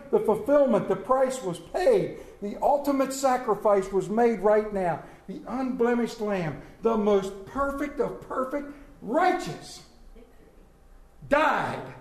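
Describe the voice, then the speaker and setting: A man preaches to his congregation, folksy and conversational, then rising into loud calls. His voice sits unusually high. The sound carries the echo of a large church room. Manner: folksy, preaching with big swings between loud calls and quiet asides. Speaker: pastor. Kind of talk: Easter sermon. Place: church sanctuary.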